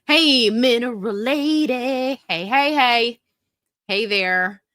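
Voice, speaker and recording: A woman's voice: fairly high pitch, slow, sharp tone, no echo. Bubbly woman host chatting on a livestream. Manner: bubbly, chatty, greets viewers by name. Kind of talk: casual live-stream chat.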